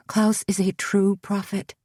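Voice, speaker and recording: A tiny, frightened young woman speaks in hushed, trembling phrases, as a woman reader does her. The delivery is unhurried and the sound is dry and close. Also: mid-range voice, completely flat delivery, no echo, pitched above the performer's own voice, natural voice. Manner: soft, shaky and hushed.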